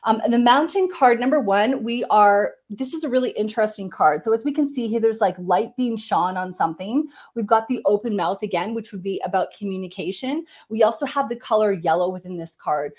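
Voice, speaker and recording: A woman working as a medium, giving a gentle, meandering psychic reading on a live stream, with many fillers and hedges. She speaks into a computer. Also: medium pitch, a little fast, hardly any pauses.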